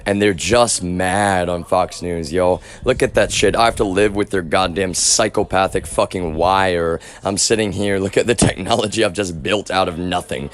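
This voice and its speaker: Man, livestreamer, angry, profane rant, repeats y'all. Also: lowish voice. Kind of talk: live-streamed rant.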